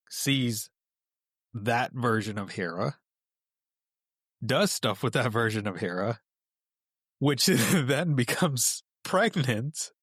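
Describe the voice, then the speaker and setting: A man's voice: medium pitch, fairly bright tone, no echo, studio quality. A man chatting on a podcast as a guest, telling a myth in a loose, rambling way with lots of fillers. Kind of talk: casual chat.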